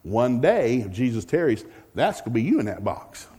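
A male pastor preaching a folksy, joking sermon with animated storytelling. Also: medium pitch, normal speed, husky. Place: church sanctuary. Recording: long reverb of a large hall.

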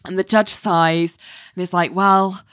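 A woman recapping a TV episode in casual chat, acting out the characters' lines and breaking into high laughter. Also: moderate pace, no room sound, studio quality. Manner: animated, breaks into high-pitched laughter, acts out quoted lines. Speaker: podcast host recapping a TV episode.

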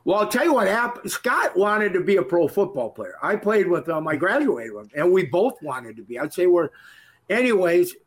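An older man from Minnesota, a retired wrestler and interview guest, telling jokey rambling stories and doing shouted impressions of people. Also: sits high, very animated, normal speed. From Minnesota, USA. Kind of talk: storytelling in casual chat.

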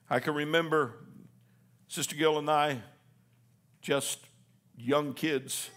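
A middle-aged male pastor preaching a sermon, reading scripture slowly and building to fervent, rising waves. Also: high voice, pushed and bright. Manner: reads scripture slowly with emphasis.

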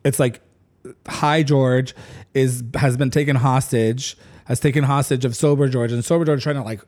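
A man with a warm, mellow voice tells a long story in loose, casual talk. He rambles and fills his sentences with "like.". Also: medium pitch, moderate pace. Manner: rambling, animated retelling with lots of "like".

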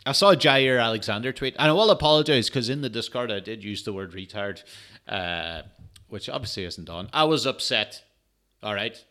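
A man rambles through a casual solo podcast, swearing freely and padding his talk with fillers. He sounds tired and yawns now and then. His voice sits low, with a bright, forceful edge. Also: animated, normal speed. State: tired, yawning. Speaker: podcast host. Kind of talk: casual solo sports chat.

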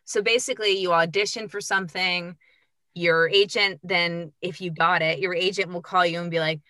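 A bubbly, chatty woman talks about her voiceover career as a podcast guest. Her voice is bright and a touch low, recorded dry and close. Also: steady tone, normal speed, no room sound. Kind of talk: casual chat.

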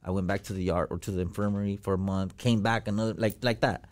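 A man's voice: fairly low pitch, steady tone, fast talker, a little mellow. A man telling a personal story as a podcast guest, in slangy, profane casual talk full of fillers.

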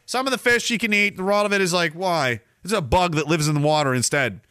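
A man's voice: high voice, quick pace, pushed and bright, clear, resonant tone, no room sound, studio quality. A man hosting a podcast, ranting comically and profanely while reading chat, often slipping into mocking voices. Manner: profane, mocking, slips into silly put-on voices. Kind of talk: ranting comedic monologue.

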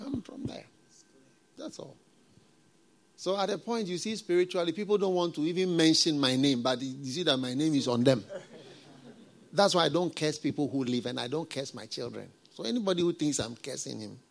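A middle-aged man preaching a sermon as a pastor, talking in a conversational, repetitive way with folksy proverbs and soft chuckles. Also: on the high side, gravelly.

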